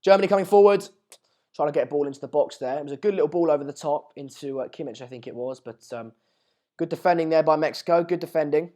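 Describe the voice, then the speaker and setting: A young man with a slightly raised voice, a little hoarse from shouting earlier. He chats loosely through a live match watch-along, restarting sentences and calling his viewers mate and pal. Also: on the high side, fast talker. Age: late teens. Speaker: live stream host.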